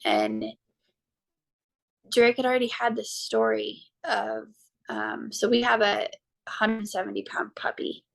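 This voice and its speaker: A woman in her thirties or forties, a podcast guest and mother, telling a personal story in a halting way with frequent ums and restarts. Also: medium pitch, very animated, gravelly. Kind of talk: personal story told in an interview.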